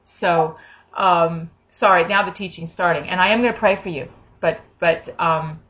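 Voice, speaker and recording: A woman's voice: lowish voice, normal speed, a bit bright. A woman leading a charismatic prayer session, talking animatedly and slipping into acted quotes and speaking in tongues. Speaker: prayer minister. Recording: dull lo-fi recording.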